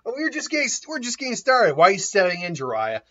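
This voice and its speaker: A man's voice: sits high, huge pitch swings, quick pace, sharp tone, voice pushed up, heavily acted. A man voicing a brash young male ninja with a cocky, playful delivery in a dull lo-fi recording.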